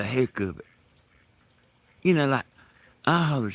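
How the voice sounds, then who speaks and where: A man telling rambling stories in a casual monologue, halting and laughing loudly at his own tales, recorded outdoors in the countryside. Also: mid-range voice, no echo. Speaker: host. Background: crickets and insects.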